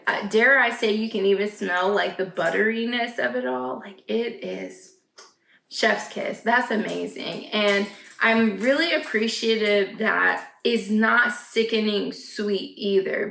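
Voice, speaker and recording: A chatty woman in her thirties with a drawl talks casually at home, gushing over things with plenty of fillers. Her voice has a gravelly fry to it, and the room rings with echo. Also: medium pitch, fairly bright tone. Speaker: vlogger. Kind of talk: casual chat. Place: home, indoors.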